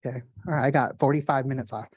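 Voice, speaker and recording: Excited fast-talking man, dry sound. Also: mid-range voice, husky, no echo. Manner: excited, talks fast in quick bursts; animated storyteller with many fillers and restarts. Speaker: artist giving a gallery talk. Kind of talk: casual storytelling talk.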